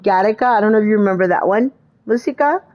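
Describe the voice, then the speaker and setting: A woman's voice: mid-range voice, quick pace, muffled recording. A woman co-hosting a podcast, chatting casually and retelling movie scenes with exclamations and fillers. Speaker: podcast co-host. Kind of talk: casual chat.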